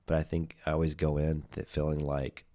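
A male podcast host with an extremely deep voice and a flat, even delivery. He thinks out loud in a reflective, rambling way. He speaks casually to his guest. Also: fairly quick. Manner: reflective, rambling, many fillers and restarts. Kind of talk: casual interview talk.

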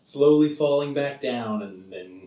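A man's voice: mid-range voice, lively intonation, unhurried, dark tone, distant mic. A man co-hosting a podcast, rambling casually about a film with lots of fillers and laughs. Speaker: podcast co-host. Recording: roomy sound from off the mic.

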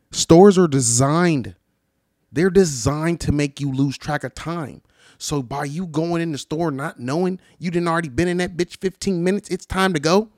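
A man casually ranting about travel stories, profane and animated, acting out the people he quotes. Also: fairly quick, dry recording, clean studio sound. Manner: animated, profane, acts out quoted people with big pitch jumps. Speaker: vlogger. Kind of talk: casual storytelling rant.

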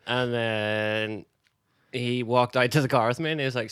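A man's voice: medium pitch, fairly even intonation, moderate pace, fairly bright tone, clear, resonant tone, dry recording, clean studio sound. A man, co-hosting a podcast and telling a story in casual chat, acting out what people said. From Northern Ireland. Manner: anecdotal, acts out dialogue with laughs. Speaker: podcast co-host.

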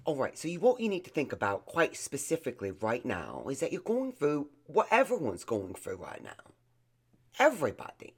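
A man's voice: medium pitch, wildly swooping pitch, moderate pace, breathy edge, heavily acted. Guy faking a cockney-ish brit, teasing and campy, trying to sound soothing. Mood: mock soothing. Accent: put-on Cockney British. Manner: camp, teasing, playful. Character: mock-soothing British man, Cockney-tinged.

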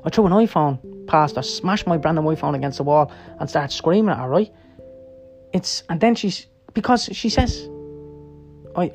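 Middle-aged guy ranting his life story, swears a lot, keeps saying right, kinda high voice. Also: darkish tone. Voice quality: heavy swearing, blunt and emphatic. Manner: rapid, rambling, seeks agreement with "right?" and "yeah?". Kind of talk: personal storytelling monologue. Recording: faint music behind.

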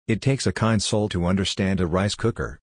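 A man's voice: sits low, fairly quick, no echo. A man voicing a sardonic talking rice cooker. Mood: wry. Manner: dry, teasing, chiding.

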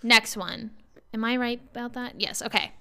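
A woman's voice: fairly high pitch, steady tone, normal speed, pushed and bright, clean tone. A woman co-hosting a podcast in casual chat, upbeat and blunt. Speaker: podcast co-host.

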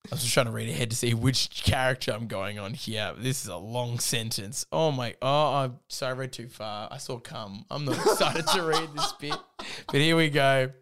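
A man's voice: mid-range voice, moderate pace, hardly any pauses, a bit bright, a little hiss or hum. A man, a podcast guest reading aloud and chatting in a playful, teasing way. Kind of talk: comedic podcast chat.

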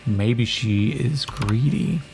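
Give me a slow, gravelly man narrating a solo tabletop game. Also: medium pitch, noisy background. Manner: relaxed and unhurried, with many fillers.

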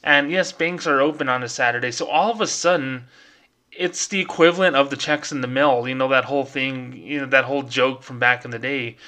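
Man, podcast host, bright forceful voice, ranting casual monologue, mimics people. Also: mid-range voice. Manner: fired-up, ranting, mimics people in quick asides.

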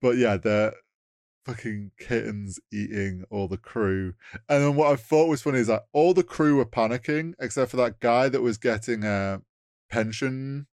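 A man's voice: medium pitch, moderate pace, a little mellow, no echo, clean studio sound. Rambling man retelling film scenes. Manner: rambling, acts out scenes with quoted lines, laughs often. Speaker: podcast co-host. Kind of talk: casual film review chat.

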